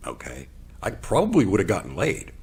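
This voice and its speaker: Very deep, gravelly male storyteller. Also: a little fast. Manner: animated storyteller, acts out quotes, drops to a whisper. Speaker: podcast host. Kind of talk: personal storytelling monologue.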